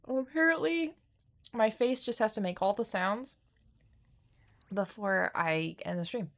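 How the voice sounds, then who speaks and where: A bubbly woman streamer chatting casually over her game, gushing and giggly. She talks in an unhurried, slow way at a middling pitch. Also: a bit bright. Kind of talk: casual live-stream chat.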